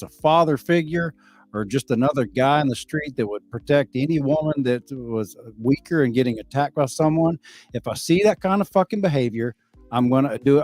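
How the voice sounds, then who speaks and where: A man's voice: medium pitch, a little mellow. A middle-aged man chatting casually on a livestream, bluntly and with lots of swearing, as he reads out and answers viewer comments. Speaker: livestreaming father answering chat.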